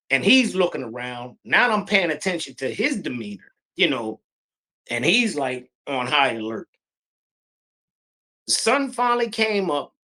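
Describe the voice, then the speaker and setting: A middle-aged man from Pennsylvania telling a true encounter story in a halting, breathless, vivid way. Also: high voice, sharp tone. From Pennsylvania, USA. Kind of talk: animated personal storytelling.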